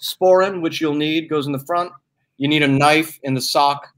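A man's voice: a little high, steady tone, moderate pace, a bit bright. A man in casual chat, playful and teasing, stretching out each reveal. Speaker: guest presenter.

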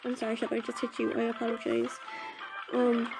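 Excitable female gamer, high voice. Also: a little fast, gravelly, low-quality recording. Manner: chatty and excitable, talking to viewers while playing. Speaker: gameplay video maker. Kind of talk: casual gameplay commentary. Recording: loud game music behind.

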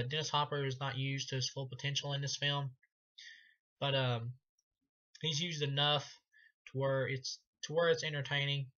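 A man's voice: mid-range voice, bright, forceful tone, dull audio. A man giving a casual spoken film review, rambling, laughing often and swearing freely.

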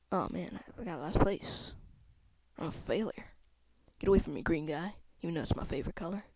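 A woman's voice: fairly low pitch, fairly quick, a little mellow, no room sound. A woman giving casual let's-play commentary at a desktop mic, goofy and self-mocking, with whispered asides. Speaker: gameplay commentator. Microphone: desktop microphone at a computer.

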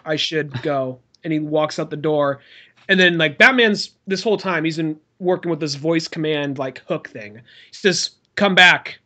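Brief: young male podcast host, high and bright, animated, swears a lot while retelling scenes. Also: moderate pace. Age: young adult. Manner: animated, swears freely, acts out quotes in a high voice. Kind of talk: casual chat.

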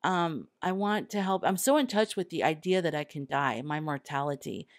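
Low-voiced woman, earnest podcast monologue. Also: normal speed, dry recording, studio quality. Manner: earnest and candid, with quoted asides. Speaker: podcast host.

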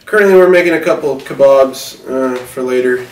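A man's voice: mid-range voice, moderate pace, roomy sound, recorded from a distance, natural voice, rough recording. A man playing a rambling, self-important older film mogul in a satirical mock interview, distracted and defensive.

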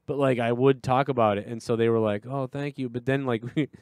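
A man's voice: mid-range voice, fairly even intonation, fairly quick, a little mellow, clear, resonant tone, dry recording, clean studio sound. A man hosting a livestream show in casual chat, a crude, rambling storyteller who swears and laughs often.

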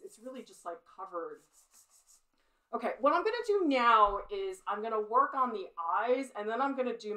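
A woman's voice: medium pitch, bright, forceful tone, low-quality recording. A middle-aged woman teaches drawing in a live stream, talking as she works. Her voice swings widely up and down, and she keeps up a self-critical, chatty running commentary, laughing at her own slips. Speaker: art teacher.

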